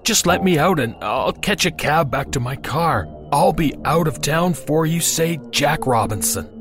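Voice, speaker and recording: A man's voice: fairly high pitch, animated, a little slow, fairly bright tone, faint music behind, pitched above the performer's own voice. A scared, pleading captive man, read by a male narrator for a horror audio story. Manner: pleading, panicky.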